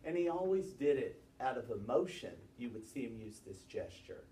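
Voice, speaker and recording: Male teacher, animated classroom lecture, distant mic, roomy. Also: mid-range voice, slight background noise. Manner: lively, quizzing students with quick questions. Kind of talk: classroom lesson on presentation gestures.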